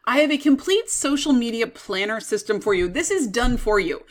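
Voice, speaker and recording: A woman coach giving an upbeat, persuasive sales pitch for her online course. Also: very animated, normal speed. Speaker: business coach.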